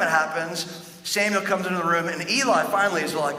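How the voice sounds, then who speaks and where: A man's voice: on the high side, fairly even intonation, brisk, sharp tone. A male pastor preaching a sermon in a conversational, storytelling way, often stumbling over and restarting his words. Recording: echoey hall with long reverb.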